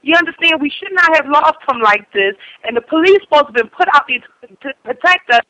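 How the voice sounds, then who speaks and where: A woman's voice: sits high, expressive, fairly quick, bright, forceful tone, dry recording, low-quality recording. A woman speaking out with urgency, rallying her neighbors and asking rhetorical questions. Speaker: community member speaking out. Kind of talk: impassioned public speech.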